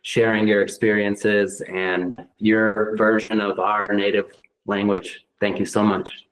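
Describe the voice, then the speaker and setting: A man's voice: on the low side, little pitch movement, slow, a bit bright, rough recording. A man with an American accent hosting a casual interview, upbeat and curious as he asks about slang. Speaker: host.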